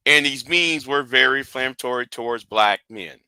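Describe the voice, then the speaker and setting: A man's voice: medium pitch, normal speed, pushed and bright, clear, resonant tone, dry recording. A man hosting a livestream rant, lecturing his viewers and often repeating and restarting his phrases. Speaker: livestream host.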